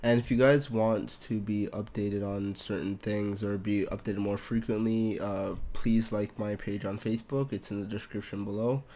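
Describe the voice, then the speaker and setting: A young man from Toronto, hosting a casual update vlog in a monotone, hesitant way full of fillers. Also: on the low side, normal speed, hardly any pauses. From Toronto, Canada. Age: young adult. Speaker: programming channel host.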